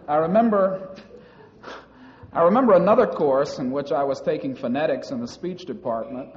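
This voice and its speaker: A man giving a public talk about his time as a university student, telling stories in a measured way with some hesitant restarts. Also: fairly high pitch, a little mellow. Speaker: former university student recounting experiences. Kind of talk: public speech recounting personal experiences. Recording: dull lo-fi recording in a reverberant hall.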